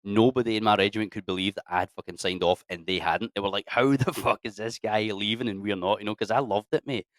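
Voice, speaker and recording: A man in his thirties, an army veteran telling his story in a casual interview, blunt and sweary, calling people mate and lads, often clearing his throat. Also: fairly low pitch, steady tone, fast, hardly any pauses, fairly bright tone, no room sound.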